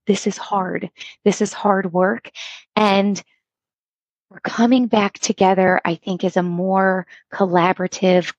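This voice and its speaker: A woman instructional coach telling stories in an earnest, animated way as a podcast guest. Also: mid-range voice, dry recording, poor audio. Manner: earnest, animated storytelling with acted quotes. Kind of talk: podcast interview storytelling.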